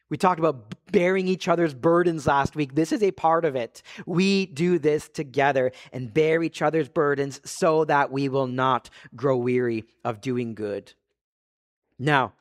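A man, a pastor preaching an earnest, conversational sermon full of rhetorical questions. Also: sits high.

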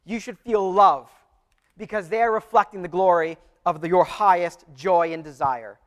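A man with a high voice preaches to his congregation. He talks in an earnest, conversational way and often trips over and restarts his phrases as he works through a passage. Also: normal speed. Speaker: pastor. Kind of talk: sermon.

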